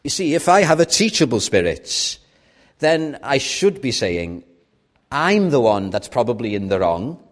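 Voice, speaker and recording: A man's voice: medium pitch, big pitch swings, unhurried. Earnest man preaching a sermon. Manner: earnest, personal, with sudden soft drops and raised stresses.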